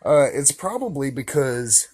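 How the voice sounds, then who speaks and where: A man's voice: mid-range voice, sing-song, measured pace, darkish tone, slightly rough. A man vlogging a casual, meandering monologue to camera, full of fillers and joking asides but candid and reflective.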